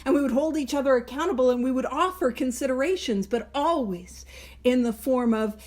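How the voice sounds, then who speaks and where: A woman's voice: high voice, brisk, a little mellow. A woman leading an online recovery book study, reading passages and explaining them in a chatty, self-mocking way with tangents. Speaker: Big Book study leader.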